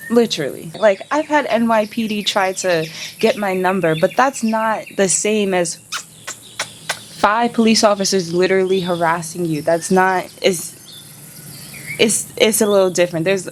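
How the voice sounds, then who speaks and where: A woman's voice: medium pitch, normal speed, slight background noise. Indignant woman vlogger. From United States. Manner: animated, indignant, profane. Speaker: travel vlogger. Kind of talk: casual vlog storytelling.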